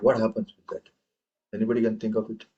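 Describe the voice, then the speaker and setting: A man's voice: fairly low pitch, monotone, fast, mellow, highs cut off. A man teaching a tabla class, chanting rhythm syllables and quizzing his students. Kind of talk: classroom lesson.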